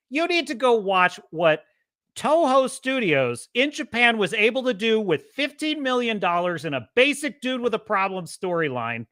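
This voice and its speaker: A man's voice: high-pitched, pushed and bright, no room sound. A man hosting a podcast, giving an impassioned, profane movie commentary and mocking the people he criticizes. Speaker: podcast host.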